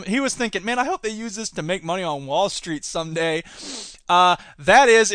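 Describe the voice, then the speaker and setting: A man's voice: high voice, a bit bright, no room sound. A man hosting a solo podcast, reading news and mocking it with sarcastic asides and put-on voices. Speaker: podcast host.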